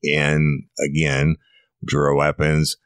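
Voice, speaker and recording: A middle-aged former police officer tells a story in a blunt, folksy, cussing way. His voice sits extremely low. The sound is dry and close, with no room around it. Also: monotone, slow, no echo. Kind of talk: true crime storytelling podcast.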